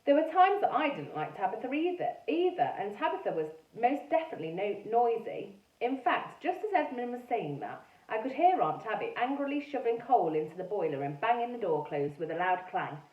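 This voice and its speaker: A woman teacher reads a children's story aloud with a highly animated, swooping delivery. Her voice sits on the higher side. The recording is roomy and a bit dull, with the mic some distance away. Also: brisk, few pauses. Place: classroom or school room. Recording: echoey room, mic far off, dull sound.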